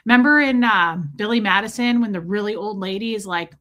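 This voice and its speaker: A woman's voice: medium pitch, a little fast, few pauses, bright, forceful tone. A woman hosting a casual livestream, chatting and teasing as she greets viewers one by one. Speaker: livestream host.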